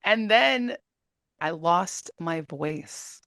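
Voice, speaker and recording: A woman in her thirties, an interview guest, telling her story in lively casual talk and laughing often. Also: lowish voice, drawn-out words, no room sound, studio quality. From United States.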